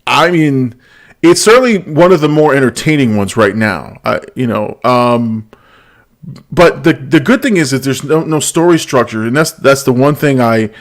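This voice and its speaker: A man's voice: mid-range voice, expressive, moderate pace. A middle-aged man hosts a laid-back pop culture show. He talks casually and hesitantly, with frequent restarts and small laughs between thoughts. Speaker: podcast host.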